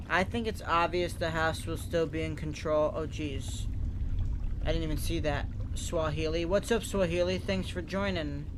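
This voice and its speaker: A man talks loosely and chattily while streaming a game, reacting to viewer messages as he plays. His voice sits a little high. A steady bed of noise runs under the recording. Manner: chatty, reads viewer comments aloud. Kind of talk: casual live-stream chat while gaming.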